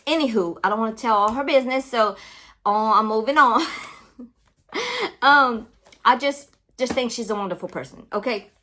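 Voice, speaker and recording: A woman's voice: fairly high pitch, moderate pace, long pauses, sharp tone. A woman from Louisiana chatting in a casual unboxing vlog, gushing and talking straight to her viewers. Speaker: craft and book channel host.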